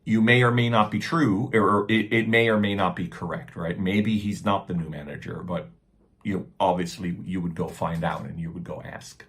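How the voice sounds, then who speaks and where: A man with a deep, fairly bright voice and an American accent teaches English grammar at a normal pace. He explains patiently, repeats his points, and acts out example sentences.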